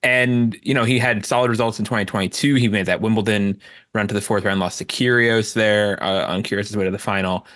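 Low-voiced male podcast guest. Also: fairly even intonation, fairly bright tone, dry recording, studio quality. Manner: measured, with restarts. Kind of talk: casual sports podcast chat.

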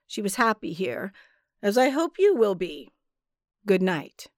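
A woman voicing a kindly, easygoing male sailor who talks in a soft, homely way, in a storybook reading. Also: medium pitch, big pitch swings, measured pace, no echo, clean studio sound. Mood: gentle.

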